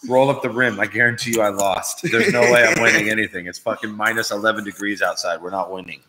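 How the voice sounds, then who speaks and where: Low-voiced man in profane rambling chat. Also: steady tone, fast, noisy background. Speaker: podcast host. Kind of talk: casual live-stream chat.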